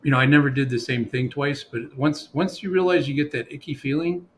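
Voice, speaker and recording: A man's voice: mid-range voice, fairly even intonation, fairly quick, slight background noise. A man telling a story in casual conversation, rambling with fillers and restarts and quoting what others said to him.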